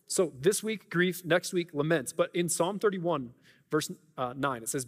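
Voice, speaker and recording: Earnest pastor preaching in an echoing hall. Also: male voice, fairly high pitch, expressive, measured pace. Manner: conversational, earnest, many restarts and "like". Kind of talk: sermon. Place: church sanctuary. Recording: reverberant church hall.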